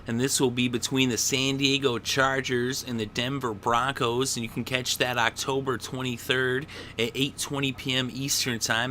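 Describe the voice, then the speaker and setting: A man's voice: mid-range voice, sharp tone, a little hiss or hum. A man hosting a solo football picks show, opinionated and prone to worked-up rants. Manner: opinionated, gets worked up and ranting. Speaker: sports picks host. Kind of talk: solo sports commentary.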